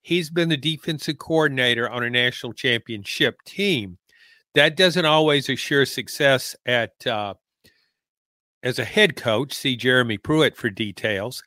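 A man with a Southern US drawl, speaking slowly and deliberately in a casual sports podcast chat. His voice is bright and forceful. The sound is dry and close, with no room echo. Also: mid-range voice. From American South. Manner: slow, measured drawl. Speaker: podcast co-host, football analyst.

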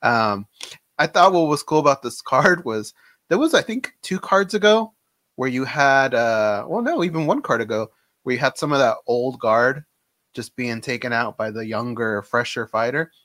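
A man's voice: medium pitch, normal speed, no echo. A man co-hosting a casual sports talk show from a home studio, easygoing and conversational with frequent fillers. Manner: relaxed, conversational, many fillers. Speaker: co-host.

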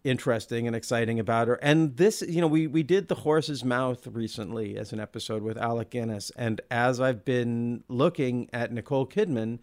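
A man's voice: mid-range voice, normal speed, hardly any pauses, darkish tone. A man co-hosting a casual film podcast, talking thoughtfully and with enthusiasm, stretching words and restarting his sentences. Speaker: podcast co-host.

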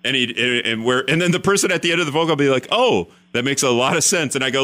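A man's voice: medium pitch, animated, fast, few pauses, pushed and bright. A man hosting a radio talk show, rambling and self-deprecating with many restarts.

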